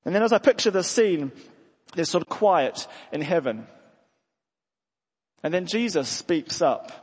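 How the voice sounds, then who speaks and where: A man's voice: sits high, animated, a little slow, husky. A man preaching a sermon in an earnest manner, often restarting his words. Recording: long hall reverb.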